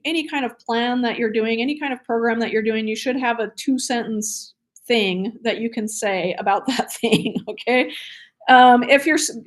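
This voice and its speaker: Woman instructor, slightly higher voice, energetic and conversational lecture delivery. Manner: energetic and enthusiastic; chatty, with fillers and laughs. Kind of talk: recorded training lecture.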